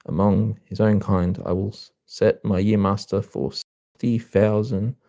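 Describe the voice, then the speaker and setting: A man reading aloud as a stern male officer from a far-future race of humans, in a formal, measured way. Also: fairly low pitch, steady tone, dark tone.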